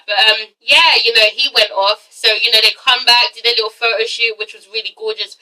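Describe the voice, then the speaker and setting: High bright-voiced woman ranting about TV. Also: fairly even intonation, brisk, hardly any pauses, distant mic, low-quality recording. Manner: frank, swears a lot, gossipy. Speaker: TV show reviewer. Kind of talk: casual chatty review rant.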